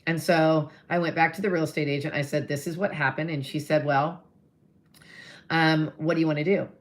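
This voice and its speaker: Speaking live to viewers, a middle-aged woman real estate agent tells a deal story in a chatty way, acting out both sides of phone calls and promoting her classes. She talks fairly quickly in a steady tone.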